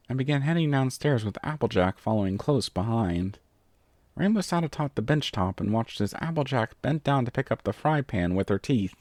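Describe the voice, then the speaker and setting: A man reading a fan story aloud with expressive, playful narration. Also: medium pitch, moderate pace, no echo, clean studio sound. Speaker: story reader.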